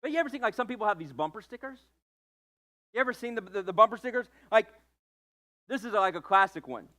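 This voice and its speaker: A man's voice: sits high, animated, quick pace, long pauses, bright, forceful tone. A man preaching a casual, humorous sermon with playful asides. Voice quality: playful, joking asides, fillers. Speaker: pastor.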